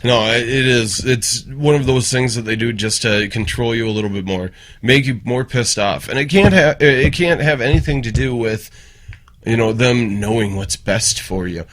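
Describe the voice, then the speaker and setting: A man talks loosely and bluntly on a podcast, swearing freely and winding his way into jokes. His voice sits at a middling pitch for a man. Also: moderate pace. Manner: blunt and profane, telling jokes. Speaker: podcast co-host. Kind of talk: casual chat.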